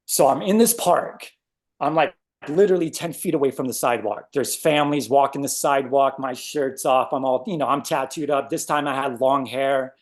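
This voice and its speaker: A man casually telling a personal story as a guest, animated and acting out his own reactions. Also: medium pitch, normal speed.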